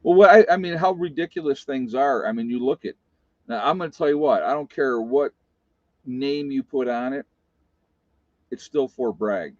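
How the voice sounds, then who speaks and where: A man's voice: medium pitch, dry recording. A man from upstate New York, a vlogger talking back to viewer comments in a rambling, exasperated monologue full of fillers and restarts. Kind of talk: casual opinionated monologue. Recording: dull, dry lo-fi sound.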